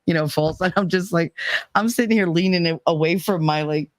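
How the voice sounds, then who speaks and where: A man who is a guest in a casual chat, talking in an animated way and acting out the voices he quotes. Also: on the high side, brisk, dry recording.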